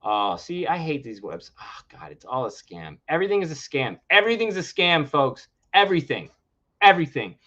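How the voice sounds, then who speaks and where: A man's voice: on the high side, big pitch swings, normal speed, few pauses, bright, forceful tone. A man co-hosting a casual livestream, ranting and sarcastic as he talks. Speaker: livestream co-host. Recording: lo-fi stream audio.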